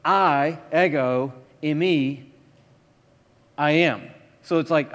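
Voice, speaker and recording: A man preaching a sermon, telling the story with lively, dramatic shifts between hushed and loud delivery. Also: a little high, moderate pace. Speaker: pastor. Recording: long hall reverb.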